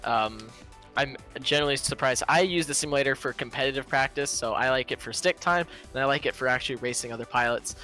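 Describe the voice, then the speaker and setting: A man's voice: medium pitch, fast, faint music behind. A man who is a drone racing pilot, talking casually on a livestream in an easygoing way with many fillers. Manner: relaxed, easygoing, with frequent fillers.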